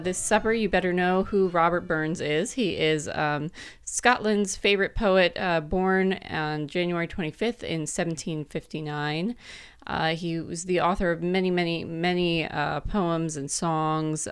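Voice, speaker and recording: Chatty low-voiced woman explaining. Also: clear, resonant tone. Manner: chatty, laughs often, many fillers. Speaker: presenter. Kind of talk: casual explainer talk.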